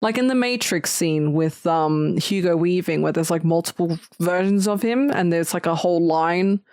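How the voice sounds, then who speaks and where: A woman's voice: fairly low pitch, moderate pace, darkish tone, dry recording, studio quality. A woman co-hosting a podcast, talking about films in an earnest, enthusiastic casual chat. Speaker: podcast co-host.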